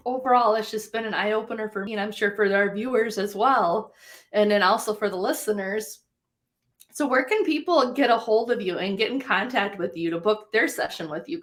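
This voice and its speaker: A woman hosting a video-call interview, bubbly and quick to laugh, with lots of "like" in her talk. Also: mid-range voice, a bit bright. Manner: bubbly, laughs often, says "like" a lot. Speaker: podcast host. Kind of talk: casual interview chat.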